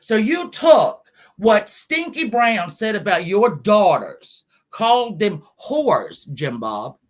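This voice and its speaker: A woman ranting angrily on a live stream from her car, scolding and swearing, with bursts of shouting. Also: mid-range voice. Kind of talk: angry live-stream rant.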